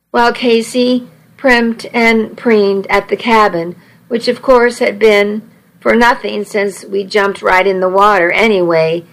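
Slow gravelly woman narrating a story. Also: medium pitch, poor audio. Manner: wry, conversational first-person telling. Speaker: audiobook narrator. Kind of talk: first-person story narration.

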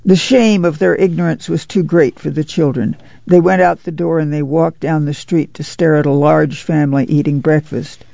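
A man narrating a novel in a measured, unhurried storytelling manner. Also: on the high side, fairly even intonation, vocal fry, dark tone, no echo, highs cut off. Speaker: audiobook narrator.

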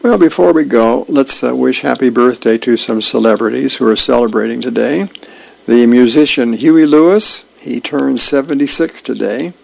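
A man who volunteers as a radio reader, reading comic strips and announcements aloud in a relaxed, plain way with fillers. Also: mid-range voice, normal speed, creaky, poor audio.

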